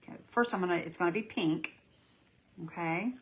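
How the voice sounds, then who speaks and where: A woman's voice: lowish voice, normal speed, noisy background. A woman hosting a live painting demo, chatting in a folksy, encouraging way with her viewers. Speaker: craft tutorial host.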